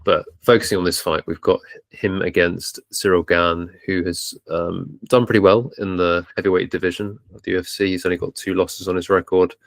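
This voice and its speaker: A man's voice: low-pitched, little pitch movement, normal speed, hardly any pauses, no echo. A man hosting a podcast discussion, setting up a topic and asking his co-hosts questions. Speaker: podcast host.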